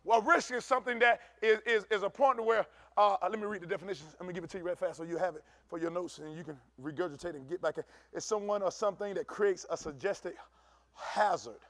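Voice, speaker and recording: A pastor preaching a sermon in a church, animated and conversational, swinging from shouting to low asides. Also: male voice, quick pace, no room sound. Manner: conversational, uses African American Vernacular English.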